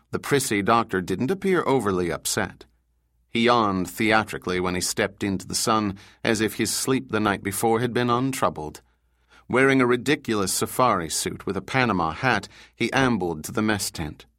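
A man reading a thriller audiobook in steady, measured scripted narration. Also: on the low side, dry recording, clean studio sound.

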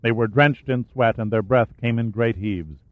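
A man narrates an audiobook in a steady, even voice at a middle pitch. The sound is narrow like a phone line and bone dry, with no room in it. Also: moderate pace, dry recording. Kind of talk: scripted narration of a war thriller.

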